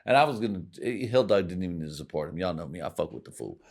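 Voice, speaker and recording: A man's voice: low-pitched, animated, fast, creaky. A man hosting a podcast, rambling in a casual, profane way and laughing at his own jokes. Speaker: podcast host.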